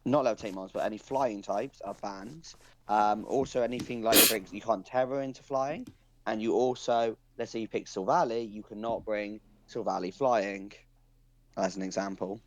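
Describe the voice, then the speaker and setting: A man's voice: on the low side, normal speed. A man hosting a casual podcast, explaining things in a rambling way with frequent restarts. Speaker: podcast host.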